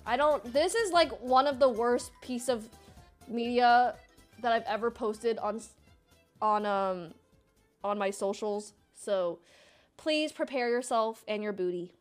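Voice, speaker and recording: High-voiced woman streamer. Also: unhurried, soft background music. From United States. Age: 20s. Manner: animated, loud embarrassed exclamations and swearing. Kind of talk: casual chat reacting to old videos.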